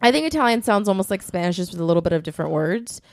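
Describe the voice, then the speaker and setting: A woman's voice: fairly low pitch, expressive, rapid-fire, no room sound. Chatty opinionated young woman, dry close mic. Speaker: podcast co-host. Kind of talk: casual chat.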